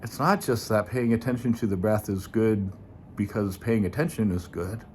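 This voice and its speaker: A man teaching as a meditation teacher, talking in a gentle, unhurried, informal way before guiding a short meditation. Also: lowish voice, a little hiss or hum. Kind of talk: dharma talk leading into guided meditation.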